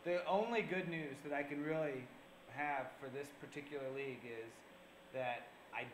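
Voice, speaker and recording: A man talks through his fantasy football trades in a loose, rambling way, with plenty of "um" and "uh." His voice sits a little higher than most men's. The room around him is echoey, and a faint hiss runs under the sound. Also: normal speed. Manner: chatty, rambling with fillers. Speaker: fantasy football show co-host. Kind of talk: casual chat. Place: public access TV studio. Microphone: on camera.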